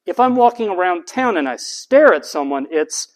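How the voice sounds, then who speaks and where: Lecturer with a raised classroom voice. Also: sing-song. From United States. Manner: raised classroom pitch, slow and emphatic. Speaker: university lecturer.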